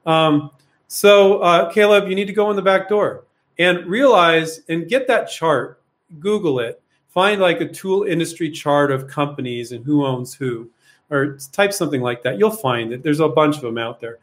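A man's voice: on the high side, animated, normal speed. A man hosting a live Q&A, answering viewers' questions in a blunt, rambling way with plenty of fillers and rhetorical questions. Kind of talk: casual live Q&A coaching.

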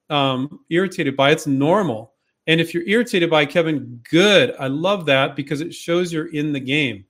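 A man hosting a show, casually coaching inventors and acting out quoted dialogue. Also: on the high side. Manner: animated, acts out quoted dialogue. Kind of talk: casual advice talk.

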